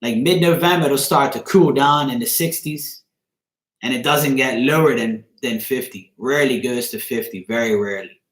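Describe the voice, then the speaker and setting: A man's voice: mid-range voice, moderate pace. A Bermudian man chatting casually on a live stream, joking and swearing offhandedly as he answers viewers by name. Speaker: live streamer reading chat. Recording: echoey room.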